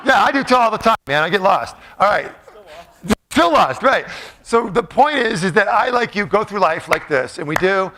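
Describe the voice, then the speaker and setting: High bright man joking with a crowd. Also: animated, normal speed. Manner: playful, jokey, quizzes the crowd. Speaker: motivational speaker. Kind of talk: live audience talk. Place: large room with a live audience.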